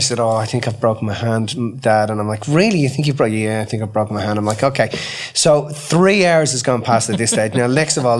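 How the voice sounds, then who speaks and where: A middle-aged man chats on a podcast in a casual storytelling way. He acts out the people in his story and often restarts his sentences. His pitch sits in the middle of the range for a man. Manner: animated storyteller, acts out quoted dialogue, frequent restarts. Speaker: podcast co-host.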